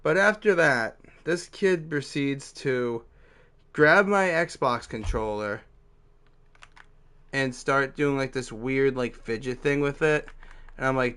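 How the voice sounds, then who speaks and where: A young man recounts a teenage mishap in an unpolished, conversational storytime. His voice is smooth and resonant, sitting at an ordinary pitch. He leans on fillers and swears freely as he goes. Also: takes it slowly, fairly bright tone. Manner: loose and profane, heavy "like" fillers. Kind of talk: casual storytime.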